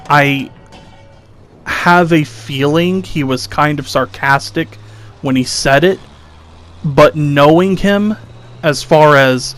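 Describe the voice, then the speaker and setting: A young man rants in a slow, deliberate, exasperated drawl about his gameplay, slipping into sarcastic mockery of his critics. His voice sits a little high for a man. Faint game sounds murmur underneath. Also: a bit bright, slight background noise. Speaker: gaming commentator. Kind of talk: ranting commentary over gameplay.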